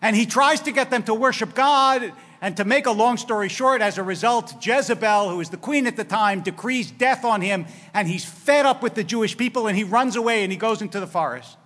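High-voiced rabbi preaching in a hall. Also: male voice, a little fast, few pauses, a bit bright. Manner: storytelling with wry humor and dramatic quoted lines. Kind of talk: sermon. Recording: long hall reverb.

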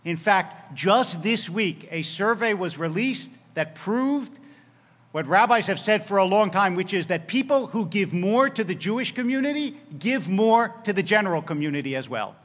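Male rabbi, high-pitched, preaching with wry humor and dramatic quoted lines, recorded in a hall with long reverb. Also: animated, moderate pace, a bit bright. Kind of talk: sermon.

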